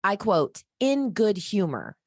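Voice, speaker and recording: An upbeat woman hosts a casual podcast, playful and chatty. Her voice sits at an everyday middle pitch. The sound is dry and close with no room echo. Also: big pitch swings, slow pace, a little mellow. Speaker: podcast host. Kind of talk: casual chat.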